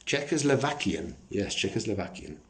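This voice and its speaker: A man's voice: fairly low pitch, very animated, normal speed, a bit bright, slight background noise. A man hosting a live stream, chatting casually, joking and swearing as he answers viewer comments.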